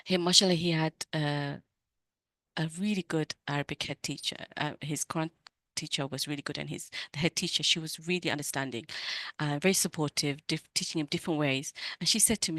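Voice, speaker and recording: A middle-aged woman coach giving an earnest, emotional personal talk to other women, with halting restarts. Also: deep voice, fairly bright tone, dry recording.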